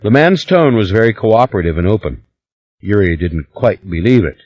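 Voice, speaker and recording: A male narrator reads in a measured, expressive voice. His voice is low but moves through a wide range, and the recording is dry and a little dull. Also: dry recording. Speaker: audiobook narrator. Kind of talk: scripted narration.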